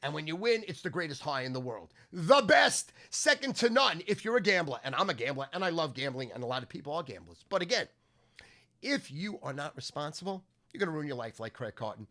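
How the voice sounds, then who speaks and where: A middle-aged man hosting his own podcast, ranting crudely and profanely, swinging from low grumbling to shouting, his voice going hoarse. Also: sing-song, fast. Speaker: sports handicapper and podcast host.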